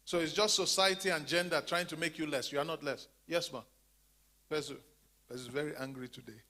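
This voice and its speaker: Man, slightly high voice, church teaching, call-and-response, emphatic repetition. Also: steady tone, a little fast, pushed and bright. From Zambia. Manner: call-and-response questioning, leaves sentences open for the class to finish; emphatic, repeats key words. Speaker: teacher of a faith-based women's class.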